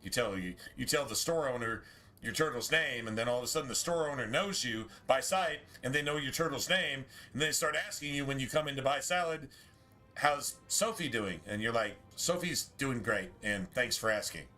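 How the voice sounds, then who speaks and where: A man's voice: mid-range voice, animated, fairly quick, sharp tone, soft background music. A man streaming a video game, chatting casually in a rambling way, full of restarts and asides. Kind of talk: casual chat while streaming gameplay.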